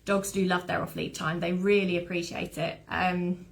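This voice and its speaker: A woman's voice: lowish voice, fairly even intonation, moderate pace, creaky. A woman who trains dogs, giving an informal, rambling online talk full of anecdotes. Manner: chatty, rambling, fond of anecdotes. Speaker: dog behaviour trainer.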